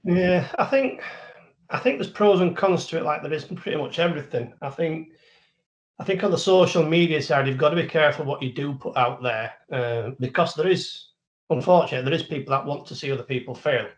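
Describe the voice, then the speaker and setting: Yorkshire bloke chatting on a podcast, thoughtful and down to earth. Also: male voice, a little high, animated, a little fast. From Yorkshire, England. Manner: reflective, plain-spoken. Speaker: guest plumber. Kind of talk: casual podcast chat.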